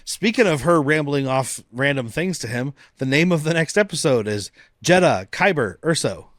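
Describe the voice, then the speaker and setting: A man co-hosting a podcast, retelling scenes in a lively way with quick quoted voices and frequent laughs. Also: a little high, no room sound, studio quality. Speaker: podcast co-host. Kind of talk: casual chat.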